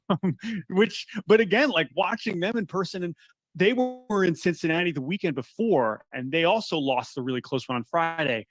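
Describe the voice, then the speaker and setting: A man talking baseball as a guest on a sports radio show, animated and often restarting his words, calling in by phone. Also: a little high, moderate pace, no room sound. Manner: animated, repeats words when starting thoughts. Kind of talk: casual sports radio chat. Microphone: phone line call-in.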